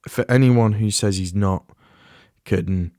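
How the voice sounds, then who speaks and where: A man's voice: lowish voice, takes it slowly, warm tone, no room sound, clean studio sound. A man hosting a solo podcast in a casual, rambling way, often restarting and trailing off into asides. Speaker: podcast host.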